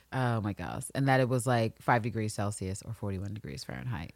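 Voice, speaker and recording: A woman co-hosting a casual podcast, reading historical passages aloud and then riffing on them with animated asides and laughter. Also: extremely low pitch, brisk, few pauses, no echo, studio quality. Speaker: podcast co-host. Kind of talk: casual chat, reading from a book.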